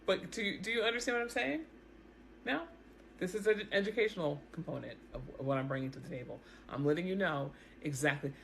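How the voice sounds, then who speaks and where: A woman in a self-recorded video, commenting on the news in a casual, animated way, often repeating herself as she talks straight to her viewers. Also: fairly low pitch, brisk, vocal fry, a little hiss or hum. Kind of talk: casual explanatory commentary to camera. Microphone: self-recorded camera setup.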